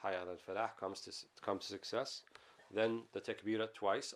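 Low-voiced man teaching a religious text. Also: flat delivery. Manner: reads Arabic passages quickly, then explains in English. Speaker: Islamic teacher. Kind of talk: explaining a classical text.

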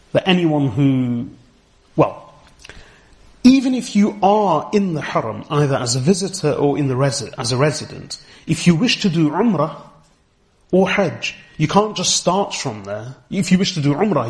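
A middle-aged man giving a deliberate religious lecture, explaining history and careful Arabic terms as a teacher. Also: fairly high pitch, very animated. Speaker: Islamic teacher.

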